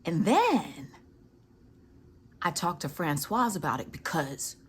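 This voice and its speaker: Slow-talking woman on her patio. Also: lowish voice, husky. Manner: slow and soft, drifting into whispers, then excited bursts. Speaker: vlogger. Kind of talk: casual chat, filming birds on her patio. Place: outdoor patio.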